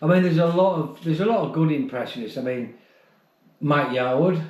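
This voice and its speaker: A man's voice: a little high, moderate pace, darkish tone, lo-fi sound. A man co-hosting a casual chat, easygoing, laughing often and swearing casually. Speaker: co-host. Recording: roomy echo with background noise.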